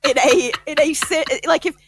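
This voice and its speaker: A woman's voice: sits high, normal speed, background noise. A woman in casual podcast chat, rambling and arguing her point with frequent laughter.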